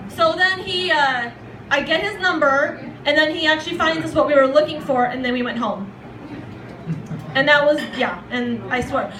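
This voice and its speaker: A woman's voice: sits high, moderate pace, bright, forceful tone, slight background noise. A young woman doing crude, blunt stand-up at a bar open mic. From half Palestinian, half Lebanese family. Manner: crude, blunt, punchy storytelling. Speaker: stand-up comedian. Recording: echoey room, faint crowd ambience.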